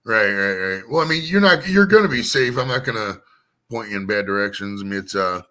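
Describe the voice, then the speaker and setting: A man's voice: on the low side, animated, fairly quick, bright, forceful tone. An American man chatting casually on a stream, rambling and swearing freely as he tells stories. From United States. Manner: profane, rambling, emphatic. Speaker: painting stream host. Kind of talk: casual chat.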